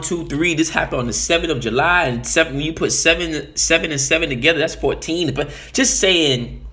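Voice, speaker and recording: A man's voice: mid-range voice, pushed and bright. A man giving a casual political monologue, emphatic, often repeating and restarting phrases. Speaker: commentator.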